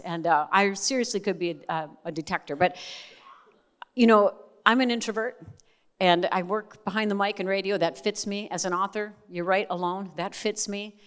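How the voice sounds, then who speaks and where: A middle-aged woman preaches her testimony in a chatty, candid storytelling way, full of asides. Her voice sits at an ordinary middle pitch for a woman. A long reverb from a large hall hangs behind every phrase. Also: moderate pace, fairly bright tone. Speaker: Christian speaker and author. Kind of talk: testimony sermon to a live audience.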